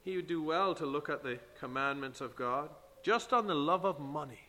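Forceful preacher man in an echoing hall. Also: on the high side, expressive, moderate pace. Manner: emphatic preaching with King James scripture reading. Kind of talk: sermon. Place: church sanctuary. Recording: long church hall reverb.

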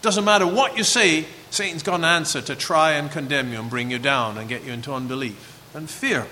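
A man preaching a sermon, animated and acting out the voices of the figures in his text. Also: on the high side, a little fast, big-room sound, slight background noise.

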